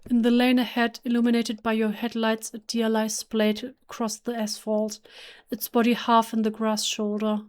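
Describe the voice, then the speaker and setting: A woman's voice: fairly high pitch, completely flat delivery, normal speed. A woman whose first language is German, reading a horror game's text aloud in English during a let's play, emotionally and with frequent restarts. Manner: emotional, hushed, with self-corrections.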